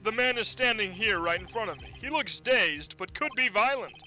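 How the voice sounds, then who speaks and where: A man's voice: high voice, animated, sharp tone, soft background music, heavily acted, low-quality recording. A man doing pompous villainous Redd White. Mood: gloating. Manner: condescending, theatrical, drawn-out threats. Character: pompous, menacing rich male company president. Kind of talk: fan voice-over of a game.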